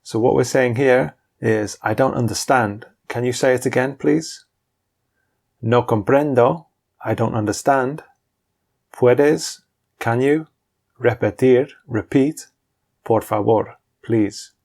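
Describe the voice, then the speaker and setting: A man co-teaching a beginners' lesson, repeating each phrase slowly for learners. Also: mid-range voice, creaky, a little mellow. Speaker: language teacher. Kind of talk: scripted lesson.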